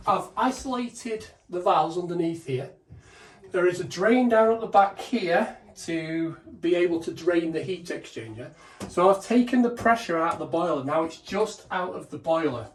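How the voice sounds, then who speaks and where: A man's voice: a little high, a little hiss or hum. Man, gas engineer trainer, casual step-by-step explaining, roomy echo. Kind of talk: hands-on demonstration narration. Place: indoors beside a boiler.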